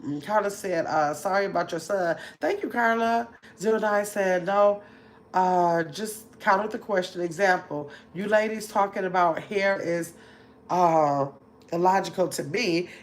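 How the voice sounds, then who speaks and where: This is an older woman, hosting a relaxed livestream. Her voice sits somewhat low, and she chats freely, reading viewers' comments aloud and answering them with lively little asides. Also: a little hiss or hum. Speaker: livestream host reading chat. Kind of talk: casual livestream chat.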